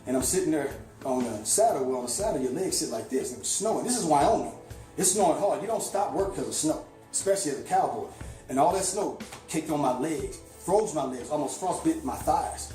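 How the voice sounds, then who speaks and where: A man from St. Louis telling a long, rambling story in a casual, animated way, with lots of "you know.". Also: on the high side, brisk, roomy sound, soft background music. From St. Louis, USA.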